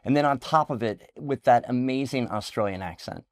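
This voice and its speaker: A man hosting an interview show, excitable and enthusiastic as he talks with his guest. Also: mid-range voice, fairly quick, no echo, clean studio sound. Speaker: interview host. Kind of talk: casual interview chat.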